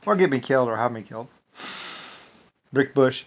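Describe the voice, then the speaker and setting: A man's voice: mid-range voice, expressive, moderate pace, pauses often. A man delivering a rambling solo monologue, dismissive and profane, with lots of filler words. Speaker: channel host.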